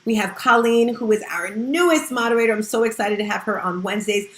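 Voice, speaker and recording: A woman's voice: on the high side, a little fast, a bit bright, reverberant. A woman hosting a casual online audio room, upbeat and chatty, laughing often. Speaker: host.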